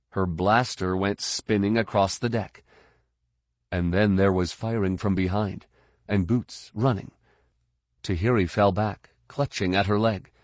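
A man narrating an audiobook in a steady, measured voice. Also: low-pitched, no echo, studio quality. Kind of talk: scripted narration.

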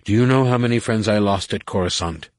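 A man voicing a bitter, drunk, booming alien woman captain who taunts in a slurred, loud way. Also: brisk, no echo, clean studio sound, lightly acted. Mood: bitter, taunting.

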